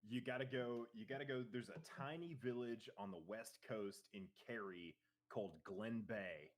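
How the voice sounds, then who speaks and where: A man in casual chat, telling an anecdote in a relaxed way. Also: mid-range voice, moderate pace, a little hiss or hum.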